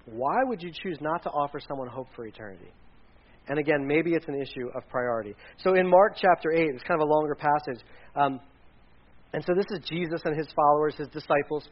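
A man's voice: fairly high pitch, brisk. A man, a pastor, giving a casual, conversational sermon, rambling with restarts and side stories. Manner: chatty, rambling with restarts and asides. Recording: dull lo-fi recording.

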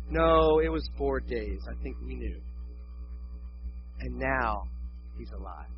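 A man preaching a sermon as a pastor, animated and acting out quoted voices. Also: fairly high pitch, takes it slowly, long pauses, dull audio, slight background noise.

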